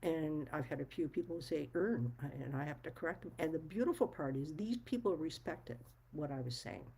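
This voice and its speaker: Blunt, emphatic woman with a low voice. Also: expressive, normal speed, warm tone, breathy edge, poor audio. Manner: blunt, frank, swears freely; firm and emphatic. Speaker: vlogger. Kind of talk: casual monologue to camera.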